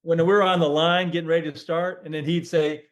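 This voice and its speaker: A man's voice: fairly high pitch, little pitch movement, a little fast. An older man, a former college basketball player, chiming in with short repeated remarks while reminiscing. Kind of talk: casual reminiscing on a call.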